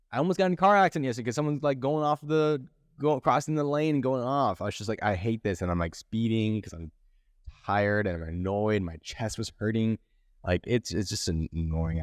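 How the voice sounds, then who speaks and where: A man's voice: sits low, dry recording, studio quality. A man hosting his own podcast, talking casually and candidly, rambling with many restarts. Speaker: podcast host. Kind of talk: casual solo podcast monologue.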